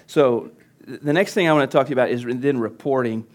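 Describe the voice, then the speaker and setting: A pastor leads a workshop for church leaders in a conference session room, chatting casually and becoming animated whenever he demonstrates his coaching. He talks fast at a medium pitch.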